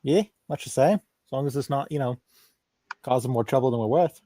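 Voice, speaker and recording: A man's voice: medium pitch, fairly quick, mellow. Joking man in casual game chat. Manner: joking, chatty. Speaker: player.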